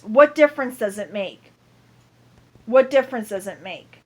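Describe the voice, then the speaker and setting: A woman's voice: a little high, animated, a little slow, pauses often. A woman ranting to camera in a heated, profane monologue, repeating herself over and over.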